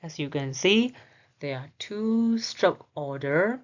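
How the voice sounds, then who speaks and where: Slow, low-voiced woman teacher. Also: animated, muffled recording. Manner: repeats each sound slowly, switching between Korean and English. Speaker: Korean language teacher. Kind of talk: slow, careful beginner lesson.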